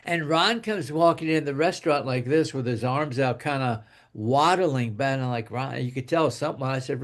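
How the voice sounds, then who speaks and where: A man's voice: mid-range voice, normal speed, few pauses. An older man telling a long personal story in a casual, rambling way, repeating words and dropping his voice for quoted asides. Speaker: guest speaker telling a testimonial.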